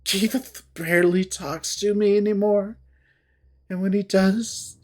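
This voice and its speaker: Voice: sits high, sing-song, slow pace, pitched above the performer's own voice, exaggerated voice. A narrator voicing a young female cat, frantic and unstable, screaming with a cracking voice. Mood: desperate. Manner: shrieking, voice cracking.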